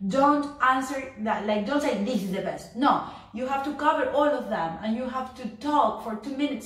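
A woman teaching an English lesson, hesitant, with many fillers and restarts, whose native language is Spanish. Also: fairly high pitch. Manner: acts out sample phrases in a livelier voice. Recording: very echoey room, a bit distant from the mic.

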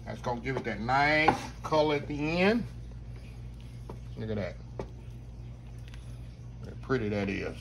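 A man's voice: mid-range voice, lively intonation, measured pace, creaky, long pauses, a bit bright. A man hosting a casual cooking demonstration, folksy and talking straight to his viewers. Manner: folksy, talks straight to viewers, says y'all constantly. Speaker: cooking show host.

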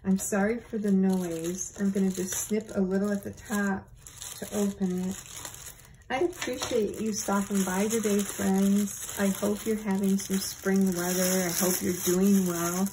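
A middle-aged woman opening gifts from a friend on her home channel, talking in a gentle, gushing, thankful way with soft laughs. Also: medium pitch, level tone, unhurried, background noise. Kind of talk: casual unboxing chat.

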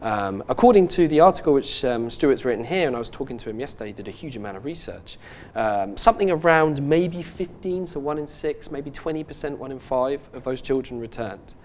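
A man hosting a podcast, telling a story in a halting, earnest way with many restarts and fillers. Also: medium pitch, expressive, darkish tone, a little hiss or hum. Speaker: podcast host. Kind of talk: casual podcast chat.

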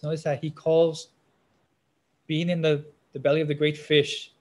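A man with a fairly high voice and flat delivery preaches a sermon, often pausing on fillers and restarting, then growing louder and more forceful whenever he reads scripture aloud.

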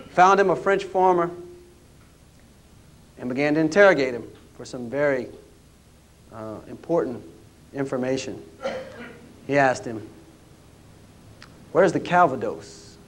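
A man's voice: mid-range voice, unhurried, pauses often. A man, a historian telling anecdotes in a lecture, in a folksy way with frequent restarts. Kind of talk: storytelling lecture. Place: lecture room at a history roundtable.

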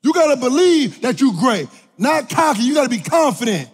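Emphatic high-voiced male preacher. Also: brisk, husky, long reverb tail. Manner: emphatic, repetitive declarations with call-and-response energy; animated, swings from loud to quiet. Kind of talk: sermon. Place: large room with audience.

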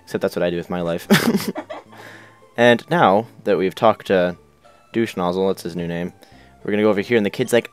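A man's voice: on the low side, animated, fairly quick, smooth. A young man hosting a casual let's play, chatting loosely, swearing and reading game text aloud in silly voices. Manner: goofy, swears, shouts character names.

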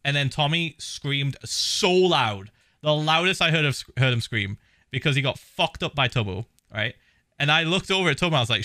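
Brief: male streamer, raised pitch, casual reaction commentary, loose and profane. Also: brisk, no room sound, studio quality. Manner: animated, swears a lot, laughs often.

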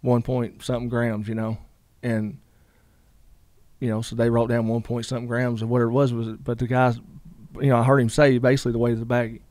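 A middle-aged man tells his story at a quick clip, rambling through fillers and acting out what others said. The recording is close and dry, with no room sound. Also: medium pitch, level tone, darkish tone, no echo. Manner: rambling, many fillers, quotes others in dialogue. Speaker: guest. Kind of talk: casual storytelling.

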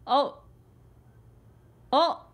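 A young British woman with a British accent, hosting a casual reaction vlog, chatty and excitable with many "like" fillers. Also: drawn-out words. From Britain. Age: young adult. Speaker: reaction video host. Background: faint music video playing.

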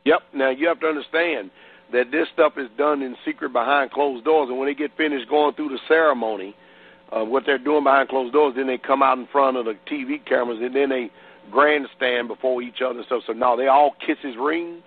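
A man's voice: mid-range voice, fairly even intonation, a little fast, husky. A man, a pastor, hosting a call-in radio show and speaking to callers in a plain-spoken, conversational way. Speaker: radio pastor and host taking calls. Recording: tinny phone-line sound.

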